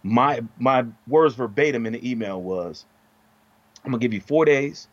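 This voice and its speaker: A middle-aged man telling a story in casual podcast chat, profane and animated, his voice jumping up when he gets heated. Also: medium pitch, normal speed, no echo, muffled recording. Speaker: podcast co-host.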